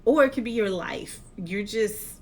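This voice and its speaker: Woman, life coach, motivational talk, earnest, rhetorical questions, measured delivery. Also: medium pitch.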